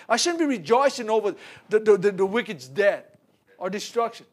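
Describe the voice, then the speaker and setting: A man's voice: sits high, fairly quick. A man preaching a sermon, retelling a Bible story with laughter, stumbles and repeated words. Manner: animated storytelling with laughs and repetitions.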